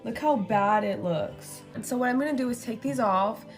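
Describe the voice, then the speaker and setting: A woman's voice: a little high, moderate pace, faint music behind. A young woman in her twenties chatting casually and swearing freely while doing her makeup and telling a story. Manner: chatty, profane, animated storytelling. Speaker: beauty vlogger.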